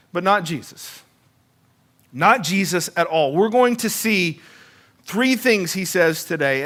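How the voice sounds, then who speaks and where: A man delivers a sermon in a high, bright voice. He speaks loosely and conversationally, often repeating a word before he finds the next one. Emphatic peaks give way to low, hushed finishes. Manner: conversational preaching with frequent repetitions and restarts. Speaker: pastor.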